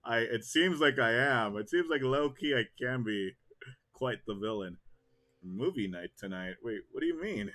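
A young man streaming a game and reacting out loud. His voice is bright and forceful, flipping from muttering to excited shouts. He jokes freely with chat as he plays. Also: medium pitch, moderate pace. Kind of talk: live gameplay commentary.

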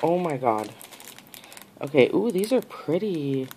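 A woman in a casual unboxing vlog, gushing and excitable, full of gasps and exclamations. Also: low voice, measured pace, a little hiss or hum, poor audio. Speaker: nail art vlogger.

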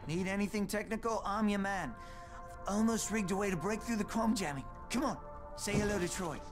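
A man's voice: sits high, fairly quick, over music, lightly acted. An actor playing a cheerful, tech-savvy male survivor with a British accent, speaking in a friendly, upbeat way. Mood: cheery.

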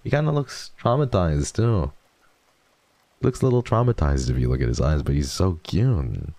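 A young man streaming casual chat, mock-emo and swearing freely, dropping to mumbles and then jumping into excited high squeals. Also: normal speed, no room sound.

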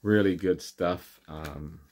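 A man casually showing and talking through records he picked up, relaxed and rambling with many ums and uhs. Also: low-pitched, slow pace. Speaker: vinyl collector vlogger. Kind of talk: casual record show-and-tell.

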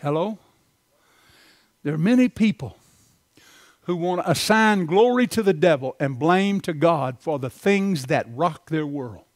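A man preaching a sermon from the pulpit, swinging from loud, impassioned lines to soft, quiet ones. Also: fairly high pitch, lively intonation, unhurried, pauses often, dry recording, studio quality. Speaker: pastor.

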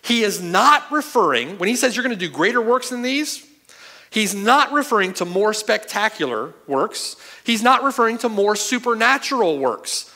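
A man's voice: high-pitched, lively intonation, normal speed, pushed and bright. A man preaching a sermon as pastor. He speaks emphatically and keeps checking with his hearers. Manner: emphatic, asks the hearers "right?" and "okay?" often. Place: church sanctuary.

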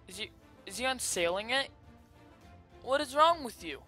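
A YouTuber giving chatty, rambling commentary over a pirate game, with sudden loud excited outbursts. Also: mid-range voice, normal speed, pauses often, faint music behind. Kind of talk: gameplay commentary.

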